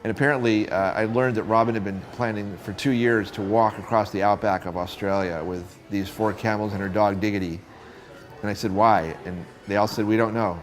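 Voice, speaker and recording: A middle-aged man with a low voice recounts his years as a photographer, acting out the people he met as he goes. The low voice stays easy and conversational. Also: fairly quick. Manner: animated storyteller acting out quoted voices. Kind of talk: storytelling interview.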